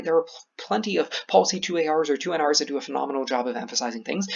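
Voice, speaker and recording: A young man coaching debate in a fast instructional lecture, slowing down on key words to stress them. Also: fairly high pitch, vocal fry, slightly rough, highs cut off.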